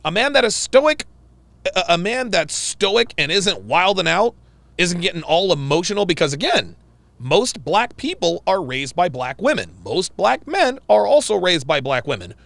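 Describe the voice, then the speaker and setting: A man hosts a livestream in an emphatic storytelling voice and hammers his points home through repetition. His voice sits a little high, with a gravelly edge. The sound is dry and close, with no room echo. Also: moderate pace. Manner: animated, emphatic storytelling with repeated phrases. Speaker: livestream host. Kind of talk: livestream commentary.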